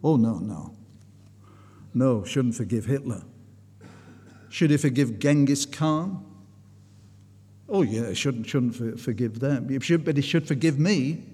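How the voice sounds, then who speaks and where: A man's voice: medium pitch, animated, measured pace, long pauses, mellow, breathy edge. A man preaching a sermon, telling a story in an earnest way and often restarting his sentences. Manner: earnest storytelling, frequent restarts, rising intensity. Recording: long hall reverb.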